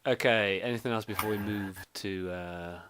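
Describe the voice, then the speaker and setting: A man's voice: fairly low pitch, moderate pace, a bit bright. A man running a tabletop game as game master, chatty, with joking asides and frequent restarts.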